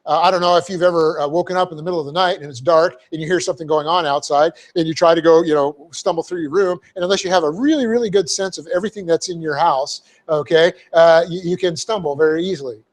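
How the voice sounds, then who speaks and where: A man's voice: a little high, steady tone, quick pace, few pauses. Man teaching a verse-by-verse Bible lesson. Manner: explanatory, parenthetical asides, frequent "okay?" checks. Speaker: pastor teaching Bible study. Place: church hall.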